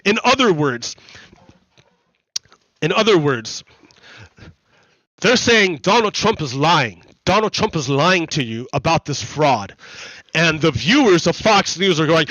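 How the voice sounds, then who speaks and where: A man hosting a gaming channel, explaining in a repetitive, halting way full of restarts during casual commentary over gameplay. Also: a little high, lively intonation, sharp tone, dry recording, rough recording.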